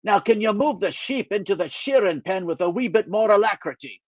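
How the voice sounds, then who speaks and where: In an author's reading, a gruff Scottish émigré grumbles at his young companion, dry, teasing and impatient, voiced animated and brisk. The voice sits a little high and bright for a man, and the sound is dull and dry with no echo, as if recorded close on a modest mic.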